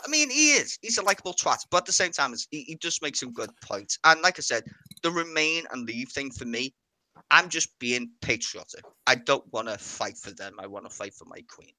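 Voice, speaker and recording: A man's voice: mid-range voice, big pitch swings, brisk, bright, forceful tone, dry recording. A man with a Liverpool Scouse accent chatting casually on a stream, blunt, opinionated and sweary. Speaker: stream co-host. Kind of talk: casual chat.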